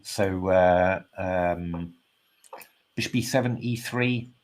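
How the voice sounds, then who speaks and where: A man with a low-pitched voice gives casual live chess commentary slowly, thinking aloud with plenty of fillers and hesitations. He's polite and self-deprecating, and he sounds tired, yawning as he goes.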